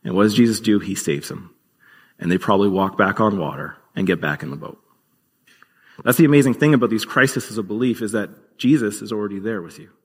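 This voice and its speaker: A man's voice: on the low side, husky, long reverb tail. A man preaching a sermon as pastor, earnest and conversational, with occasional fillers.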